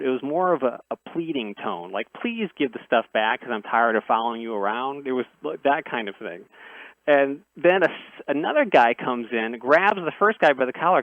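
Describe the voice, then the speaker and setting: A man's voice: medium pitch, dry recording. A man on a radio show tells a long first-person story in an earnest way, often breaking off and restarting phrases. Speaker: interview guest. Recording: dry tinny phone line.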